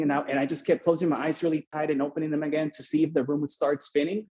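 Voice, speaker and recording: Young man from Mexico, animated storyteller, husky voice, dull lo-fi sound. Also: fairly high pitch, very fast, few pauses. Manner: animated, swearing, acts out both sides of the story. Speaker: podcast guest. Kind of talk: casual storytelling.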